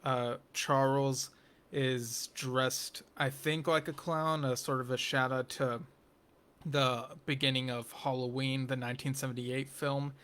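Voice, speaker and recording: Unhurried and wandering, a man gives a spoken review of a TV episode in a smooth, level, bright voice that leans forward and rarely shifts in pitch. Ums and restarts pile up as he doubles back, with wry geeky remarks slipped in.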